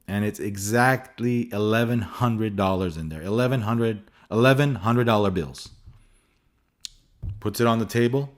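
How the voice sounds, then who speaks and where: A man hosting a photography vlog, telling stories casually and animatedly with exasperation and restarts. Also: fairly low pitch. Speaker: photography channel host.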